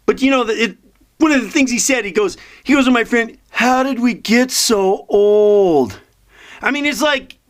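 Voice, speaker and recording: Guy in his fifties w a pretty high voice, just rambling on, lots of restarts and ums. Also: a bit bright. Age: 50s. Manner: meandering, with frequent restarts and fillers. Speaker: motivational vlogger. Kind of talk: rambling monologue.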